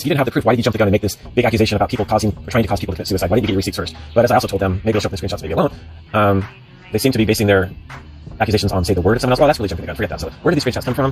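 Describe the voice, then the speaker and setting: A man hosting his own channel, reading out comment screenshots aloud and breaking in with rambling, sarcastic asides. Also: lowish voice. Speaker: channel host.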